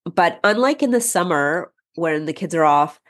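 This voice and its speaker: A middle-aged woman co-hosting a podcast, her voice low and a bit husky from a cold. She sounds stuffed up and talks in a relaxed, meandering way, full of ums and uhs. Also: normal speed. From North America. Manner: relaxed, rambling with many fillers. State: congested with a cold, a little husky. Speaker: podcast co-host. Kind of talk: casual chat.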